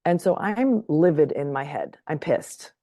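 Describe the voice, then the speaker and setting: A woman with a low, warm, mellow voice shares a personal story as a guest on a podcast, speaking at a measured pace in casual conversation. She's animated, laughs a lot, and keeps checking in with her listener. The recording is dry and close-miked, with no room sound.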